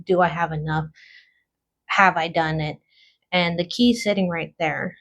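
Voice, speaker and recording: Woman doing a tarot reading at home, slow and kinda low, lots of ums, dull lo-fi camera sound. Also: fairly even intonation, fairly bright tone. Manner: slow, musing, thinking aloud with many fillers. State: has the hiccups. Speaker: tarot card reader. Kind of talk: casual card reading.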